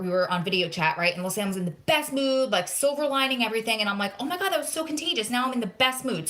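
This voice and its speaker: A woman in her thirties from New Jersey, hosting a casual live question-and-answer vlog, telling stories with lots of quoted back-and-forth and sounding close to tears. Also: mid-range voice. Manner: chatty, animated storytelling with quoted dialogue. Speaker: vlog host.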